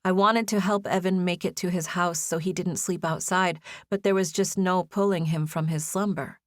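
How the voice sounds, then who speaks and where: A young woman reads a first-person audiobook with a gentle, intimate storytelling manner. Her voice sits a little low, and the recording is dry and close, with no room sound. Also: fairly even intonation, normal speed, no room sound. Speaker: audiobook narrator. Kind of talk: scripted first-person narration.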